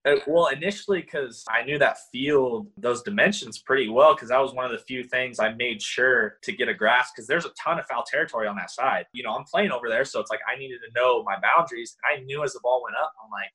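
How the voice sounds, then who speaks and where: A young man recounting his playing days as an interview guest, animated and excitable, full of "like" and "you know". His voice is bright and forceful, with a husky edge. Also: medium pitch, fast, low-quality recording. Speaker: former college baseball player, guest. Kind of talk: casual interview storytelling.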